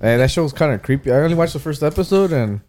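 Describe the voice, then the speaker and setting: A man's voice: on the high side, rapid-fire, soft background music. A man hosting a casual podcast, chatting with friends and slipping into Spanish slang. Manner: animated, mixes Spanish slang into English. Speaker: podcast host. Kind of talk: casual group chat.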